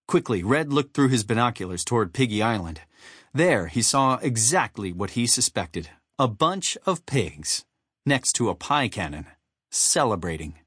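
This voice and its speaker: Male narrator for a kids' audiobook: animated, husky, dry studio sound. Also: medium pitch, dry recording. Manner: animated, storytelling. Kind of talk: scripted narration.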